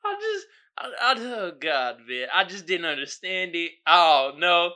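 A man hosting a casual solo podcast, riffing in an animated, exasperated way with lots of slang and laughter. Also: a little high, a little slow. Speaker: podcast host.

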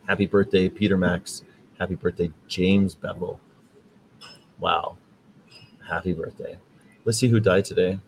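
Man, american accent, low voice, casual rambling host talk, faint background hum. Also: little pitch movement, a little slow, vocal fry, long pauses, poor audio. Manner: chatty, rambling, preachy about veganism. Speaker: vegan podcast host. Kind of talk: casual monologue.

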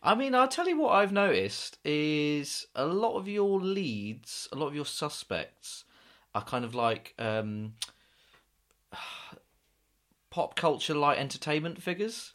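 A man's voice: a little high, sing-song, takes it slowly, a bit bright. A man co-hosting a comedy podcast, dry and bemused, playing the skeptic. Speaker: podcast co-host.

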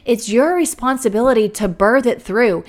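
A woman giving a faith-based encouragement talk, earnest and animated, acting out worried inner voices and repeating key phrases for emphasis. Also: normal speed. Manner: animated, acts out worried inner voices with big swings in pitch and loudness. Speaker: motivational speaker for people starting schools.

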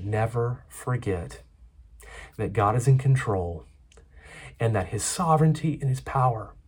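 Guy preaching in church, earnest, keeps restarting words, mid pitch. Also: darkish tone, slightly rough. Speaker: pastor. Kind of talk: sermon.

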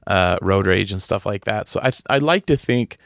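A man's voice: on the low side, expressive, moderate pace, gravelly, a bit bright, no room sound. Laughing storytelling man, dry sound. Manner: storytelling, laughs often, acts out quoted voices. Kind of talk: casual chat.

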